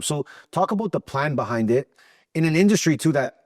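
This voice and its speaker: A man's voice: a little high, animated, a little fast, a little mellow, dry recording, studio quality. A man hosting a podcast who asks long, rambling questions with ums and repeated words. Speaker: podcast host. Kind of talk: interview questions.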